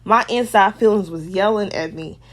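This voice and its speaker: A woman's voice: mid-range voice, moderate pace. A woman vlogger giving an emotional personal testimony in candid, casual slang.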